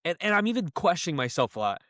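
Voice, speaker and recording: A young man chatting as a podcast co-host, his voice swinging up and down as he talks. He is animated, laughs easily and drops quick asides. The sound is dry and close, with no room echo. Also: fairly high pitch. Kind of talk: casual chat.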